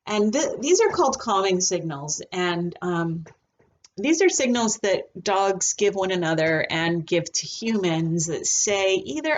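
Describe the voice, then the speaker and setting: A woman teaching a recorded lesson on dog behavior, talking in a relaxed, chatty way with frequent ums. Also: fairly low pitch, measured pace, highs cut off, slight background noise. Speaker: dog trainer.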